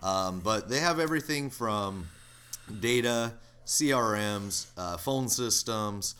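A man's voice: fairly low pitch, lively intonation, slow, bright, forceful tone, clean tone. A man co-hosting a podcast, talking casually and rambling with lots of fillers. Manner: rambling, filler-heavy, laughs easily. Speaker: podcast co-host, call center owner.

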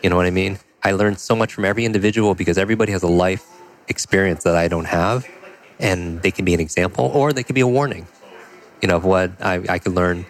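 A man telling a personal story as a podcast guest, animated and full of "like" and "you know". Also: low voice, fast. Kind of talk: storytelling in a conversational interview.

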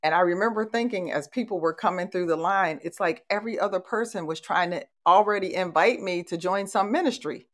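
A woman's voice: on the low side, fairly quick, few pauses. A middle-aged woman hosting a conversational motivational talk, telling stories and laughing easily. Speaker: host.

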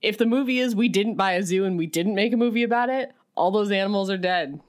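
A woman's voice: mid-range voice, quick pace. A woman co-hosting a podcast, chatting casually and teasing her friend with laughter. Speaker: podcast co-host. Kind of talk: casual chat.

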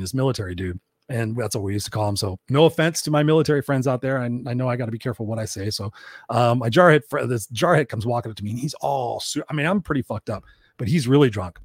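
Fast-talking profane storyteller man. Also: mid-range voice, breathy edge, no echo, studio quality. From Southern California. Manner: candid, profane, rambling with frequent fillers. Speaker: host. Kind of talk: solo livestream storytelling. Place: room at home.

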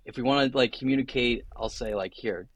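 A man's voice: mid-range voice, brisk, no room sound. A young adult man, a guest attorney, talking casually on a podcast, chatty and full of tangents and acted-out quotes.

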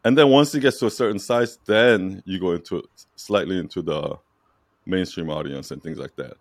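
A man's voice: deep voice, normal speed, no echo, studio quality. A man coaching a client in casual talk, emphatic and repetitive, checking in with "right?" and laughing lightly. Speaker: brand strategy coach.

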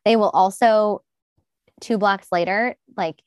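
Woman podcast guest, upbeat and quick to laugh, mid-pitched voice. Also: steady tone. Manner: enthusiastic, laughs often. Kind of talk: casual chat.

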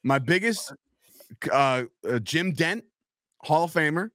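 A man's voice: fairly high pitch, slow pace, dry recording, studio quality. A man hosting a casual sports podcast, telling profane stories and acting out the people in them. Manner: animated profane storyteller, acts out quotes. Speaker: podcast host.

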